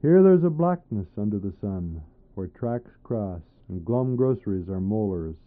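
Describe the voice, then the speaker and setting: A man reading his own poems aloud, dramatic, leaping between loud high bursts and low murmured phrases. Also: animated, a little slow. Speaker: poet. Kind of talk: poetry reading. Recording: tinny narrow-band recording.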